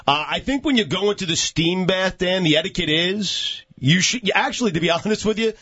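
A man's voice: sits high, brisk, sharp tone, husky, dry recording. A man co-hosting a radio show, teasing and laughing often in casual comedic banter. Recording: muffled lo-fi radio studio audio.

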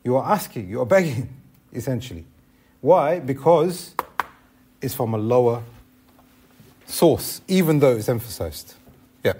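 A man's voice: medium pitch, animated, a little slow, long pauses, dark tone, a little hiss or hum. A man teaching a classroom lesson on Islamic law, explaining step by step and asking the class questions.

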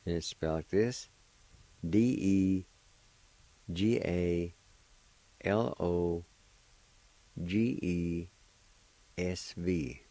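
Slow, deep-voiced older man teaching words. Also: dark tone. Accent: Cherokee-speaking Oklahoma. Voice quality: patient, repeats each word and syllable. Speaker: language teacher on a radio show. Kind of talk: slow spelled-out language lesson.

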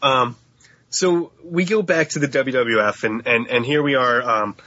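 Male podcast co-host, animated storyteller, bright and husky, dry close sound. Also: mid-range voice, measured pace, no room sound, dull audio. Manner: animated storytelling, mimics voices with laughs. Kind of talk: casual podcast chat.

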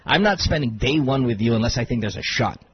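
Teasing radio host man, husky and lively. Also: medium pitch, fast. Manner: teasing, argumentative, animated. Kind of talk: bantering morning radio talk. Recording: dull lo-fi radio broadcast.

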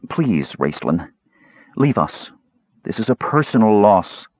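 A man's voice: lowish voice, big pitch swings, slow pace, slightly rough, dry recording, full character voice. A man putting on a poised noblewoman. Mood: subdued. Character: poised, composed noblewoman counselor. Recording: slightly muffled dry recording.

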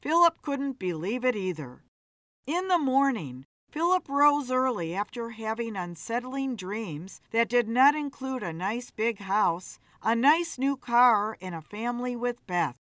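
A woman narrating a dark story as a podcast reader, expressive and measured. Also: fairly high pitch, no echo. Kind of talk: scripted narration.

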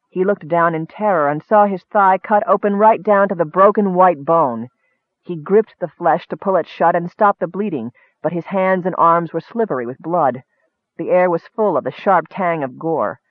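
A man narrating a fantasy story in steady, vivid audiobook style. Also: high voice, no room sound. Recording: dry, narrow phone-like sound.

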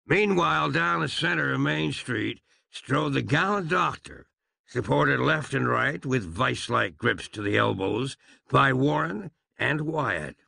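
A man narrating a comic western audiobook with a wry, lively storytelling manner. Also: mid-range voice, measured pace, creaky, no echo.

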